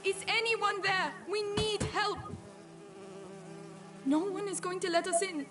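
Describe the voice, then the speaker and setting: A woman's voice: very high-pitched, slow pace. An actress playing a young noblewoman who pleads desperately for help, heard over game music. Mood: pleading. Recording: game audio under music.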